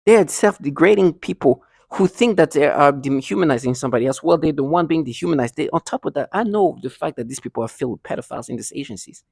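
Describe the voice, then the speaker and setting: Husky man ranting in a halting voice. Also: a little high, expressive, a little mellow, no room sound, clean studio sound. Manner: agitated, angry, halting with repeated restarts and bitter laughs; drops to a near whisper at times. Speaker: vlogger. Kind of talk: rambling personal monologue to camera.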